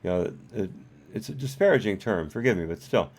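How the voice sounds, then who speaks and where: A man's voice: on the low side, animated, fairly quick, a little mellow. A man hosting a live stream, commenting casually with many hesitant fillers. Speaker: host.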